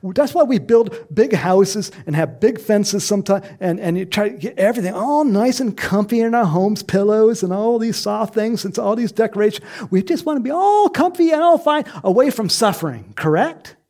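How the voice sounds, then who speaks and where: A man preaching a sermon in a lively way, acting out quoted voices and laughing often. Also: high-pitched, normal speed, few pauses. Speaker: pastor.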